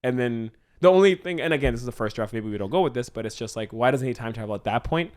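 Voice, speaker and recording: Young male co-host, mid-pitched voice, rambling and animated, swears casually. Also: fast. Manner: rambling, animated, swears freely, acts out dialogue. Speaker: podcast co-host. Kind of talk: casual brainstorming chat.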